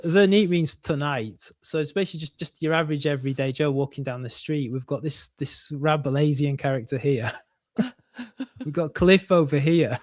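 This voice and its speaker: Male co-host, casual and halting, laughs a lot, slightly high voice, dry close sound. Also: darkish tone, no room sound. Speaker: podcast co-host. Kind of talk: casual chat. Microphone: video call.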